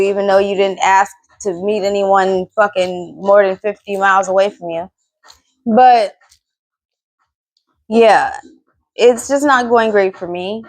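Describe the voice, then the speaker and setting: A woman's voice: mid-range voice, no echo. A woman in her thirties hosting a solo podcast, ranting bluntly and with lots of swearing. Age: 30s. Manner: blunt, profane, exasperated ranting. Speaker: podcast host.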